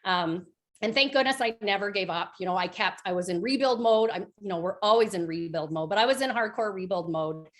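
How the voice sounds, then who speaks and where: A woman in her thirties leads a direct sales team and gives a chatty motivational talk on a group call. Her medium-pitched voice moves fairly quickly, packed with fillers and lively storytelling.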